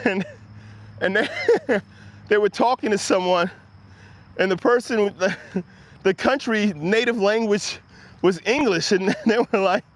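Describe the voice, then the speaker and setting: A man hosting a casual livestream, chatting loosely with his viewers and laughing often as he rambles. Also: high voice. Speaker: livestream host reading chat.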